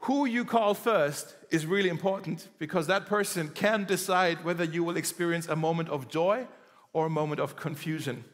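A male pastor preaching a sermon in a conversational, animated way, acting out quoted dialogue. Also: a little high, normal speed, long reverb tail. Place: church.

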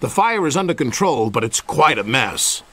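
Railway guard a guy voices calling out, lively, music underneath. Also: medium pitch, normal speed. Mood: urgent. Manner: calling out, urgent. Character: urgent male railway guard with flag.

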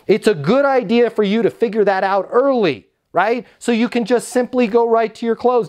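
Energetic male sales trainer. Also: extremely high pitch, moderate pace, few pauses. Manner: energetic, salesy, acts out phone greetings. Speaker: leasing agent trainer. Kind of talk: instructional talk with acted phone calls.

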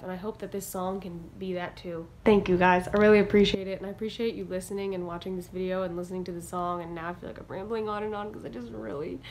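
A woman's voice: medium pitch, slight background noise. Earnest young woman vlogging to camera. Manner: earnest, encouraging, rambling. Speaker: singer-songwriter vlogger. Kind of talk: heartfelt direct-to-camera vlog talk. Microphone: camera mic, talking to camera.

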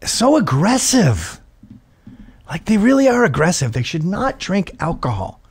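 A man's voice: high-pitched, unhurried, breathy edge. A man in his fifties, a show host, telling a comedic story with lots of swearing and acted-out quotes. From Britain. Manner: profane, animated, acts out quotes.

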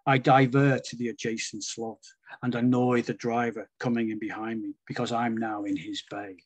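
A man reading his own comic poetry on a video call, with a dry, deadpan delivery. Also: medium pitch, moderate pace, no echo. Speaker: featured poet. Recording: dry close sound.

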